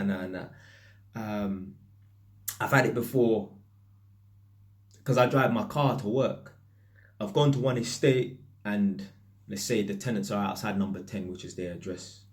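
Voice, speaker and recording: An electrician speaks to camera in a medium-pitched voice, casually recounting stories in a lively, anecdotal style. He has a British accent thick with London street slang.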